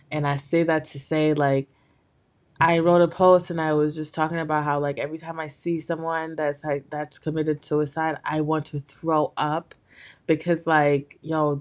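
A young woman hosting a solo podcast, talking candidly in a rambling way with lots of fillers, her voice a bit hoarse from being sick. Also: sits low. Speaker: podcast host. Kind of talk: casual solo podcast talk.

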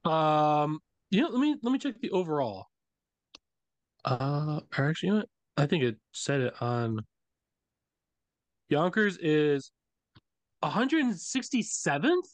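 A man co-hosting a casual podcast, speaking emphatically with dramatic slowdowns. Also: a little high, very animated, dry recording. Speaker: podcast co-host.

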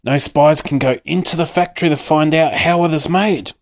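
A man voicing a gentle old grandfather in a storybook reading, telling a tale softly. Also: on the high side, moderate pace, voice pushed up, lightly acted. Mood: storytelling. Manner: soft and hushed.

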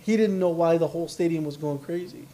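A man with a high voice, co-hosting a casual podcast chat. He tells stories with energy and slips into quick impressions of the people he talks about. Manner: animated storyteller, acts out quotes. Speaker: podcast co-host.

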